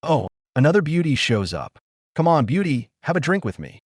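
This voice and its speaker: Drunk arrogant rich kid, voiced by a male narrator, bullying, threatening, lively pitch, dry sound. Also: moderate pace, husky, no room sound. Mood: leering. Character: drunk, arrogant spoiled young man.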